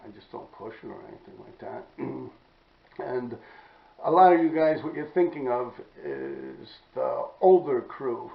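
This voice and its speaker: A man, hosting a podcast and telling stories in a blunt, profane, rambling way, often clearing his throat. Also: medium pitch, big pitch swings, a little slow. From New York City. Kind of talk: casual storytelling monologue. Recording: roomy, dull-sounding recording.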